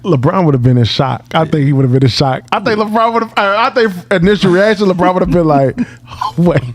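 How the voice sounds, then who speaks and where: A man with a somewhat high voice co-hosting a casual talk show. He banters loosely and often repeats phrases. The talk stays relaxed and conversational. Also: brisk, slight background noise. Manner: laughing, repetitive banter. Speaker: podcast co-host. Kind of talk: casual chat.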